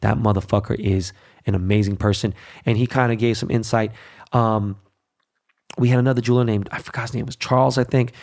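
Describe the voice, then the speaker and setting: Brash, gravelly-voiced man hosting a podcast. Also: fairly low pitch, fairly even intonation, a little fast, darkish tone. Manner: brash, blunt and profane, with rhetorical "right?" and "okay?" asides. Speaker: podcast host. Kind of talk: casual monologue.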